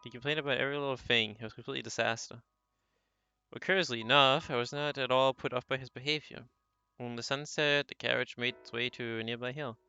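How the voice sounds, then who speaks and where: Gentle young wife telling her story, read by a man, bright voice, lo-fi audio. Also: mid-range voice, vocal fry, clean tone.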